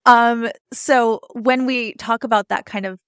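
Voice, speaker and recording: A woman's voice: on the high side, fairly even intonation, unhurried, fairly bright tone, smooth, no room sound, studio quality. A woman hosting a podcast, chatting casually and often restarting her questions mid-sentence. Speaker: podcast host. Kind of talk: casual interview chat.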